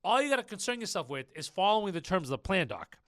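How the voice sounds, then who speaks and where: A man hosting a business podcast, chatty and animated, telling stories straight to his listeners. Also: high-pitched, quick pace, no echo, studio quality. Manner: chatty, storytelling, addresses listeners as folks. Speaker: podcast host. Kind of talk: casual business podcast chat.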